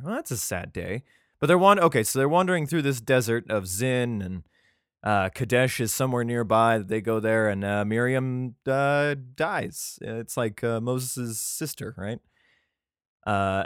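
A man hosts his podcast alone and reads old scripture in a loose, casual way. He keeps stopping to crack profane jokes and asides, with plenty of "uh" and "um." His voice sits at an ordinary middle pitch and sounds dry and close to the mic. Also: normal speed, a bit bright, dry recording. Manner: profane, jokey asides, many fillers. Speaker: podcast host. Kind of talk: casual irreverent Bible reading and commentary.

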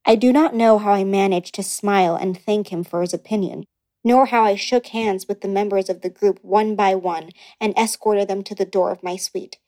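A woman reading a first-person memoir aloud as an audiobook narrator, in a measured, earnest way. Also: medium pitch, mellow.

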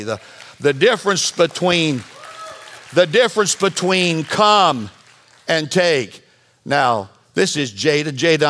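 A man preaching a sermon as pastor, animated and bantering with the congregation. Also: medium pitch. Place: church sanctuary.

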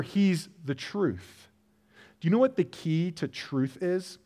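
A man delivers a sermon in an earnest, conversational manner, and his voice sits a little higher than most men's. He often trips over a word and starts again, and he leans on "like" as he talks it through with the congregation. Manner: earnest, conversational preaching with frequent "like" and restarts. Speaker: pastor. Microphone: church sermon recording.

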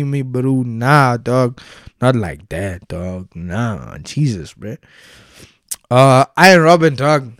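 A man's voice: medium pitch, a little mellow, clean tone, no room sound, clean studio sound. A young South African man giving casual solo commentary, profane and heated, heavy with slang.

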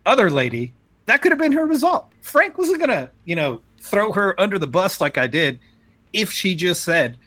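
A man co-hosting a casual podcast chat, telling a story in an animated way and acting out the people in it. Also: high-pitched, normal speed, no echo. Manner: animated storyteller, acts out quoted people, swears freely. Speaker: podcast co-host.

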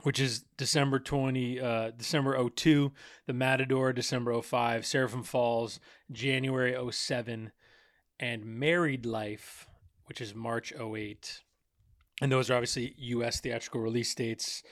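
A man's voice: mid-range voice, flat delivery, normal speed, no echo, clean studio sound. A man hosting a podcast in casual chat, rambling with lots of fillers and restarts. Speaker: podcast host.

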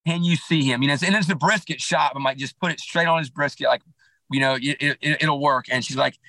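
A man being interviewed on a podcast, telling a hunting story in a rambling, animated way with many restarts and asides. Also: on the high side, fairly quick, creaky, dry recording, poor audio. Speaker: podcast guest, clothing company founder.

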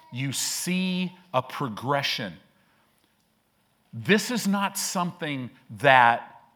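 A man preaching a fervent sermon in a church, building to loud, emphatic peaks. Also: medium pitch. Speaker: pastor. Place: church sanctuary.

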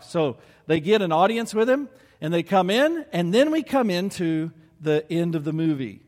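A man's voice: high-pitched, big pitch swings, moderate pace, hardly any pauses, darkish tone. Earnest male preacher in a reverberant hall. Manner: earnest, rising to emphatic peaks. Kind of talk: sermon with scripture reading.

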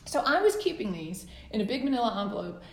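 Woman in her forties, a guest author telling her story, lively and expressive, in an echoey room. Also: mid-range voice, fast. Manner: animated storyteller, acts out quoted letters. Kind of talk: casual storytelling interview. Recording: roomy echo.

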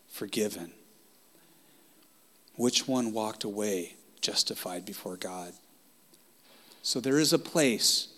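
Guy preaching a sermon, gets fired up then drops to a whisper, mid pitched voice. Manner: impassioned, swinging from loud outbursts to hushed whispers.

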